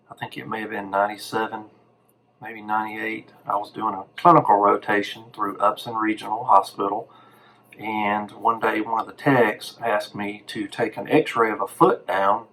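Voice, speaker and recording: A man's voice: on the low side, creaky, pushed and bright, low-quality recording. A man, a radiology tech, telling a personal anecdote in an easygoing way. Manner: easygoing storyteller, retelling an exchange. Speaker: radiology technologist.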